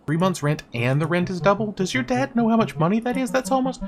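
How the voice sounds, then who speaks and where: A woman plays a weary, down-on-his-luck man in a game, pitched well below her own voice. He is dry and deadpan, and his voice rises and falls a lot. Faint music plays behind. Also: quick pace, close to an everyday voice. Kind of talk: voice-acting a game.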